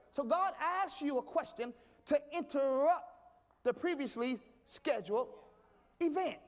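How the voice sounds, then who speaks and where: A man pastor a sermon, emphatic, repeating his questions for effect. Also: very high-pitched.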